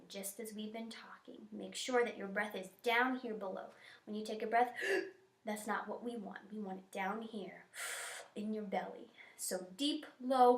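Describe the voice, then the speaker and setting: A woman teacher guiding students through breathing and posture warmups in an encouraging, instructive way. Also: medium pitch, far from the mic. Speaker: music teacher. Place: school music room. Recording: echoey room.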